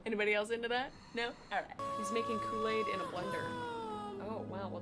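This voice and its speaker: A chatty woman reacting to short clips in a casual, joking way. Her voice sits a bit high, and she tosses out quick asides. A steady hiss of noise sits under the recording. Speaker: YouTuber reacting to videos.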